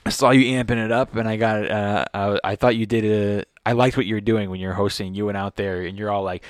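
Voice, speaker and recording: A man's voice: lowish voice, steady tone, fast talker, clear, resonant tone, no echo. A man in a casual chat, giving blunt advice on hosting comedy shows and swearing freely.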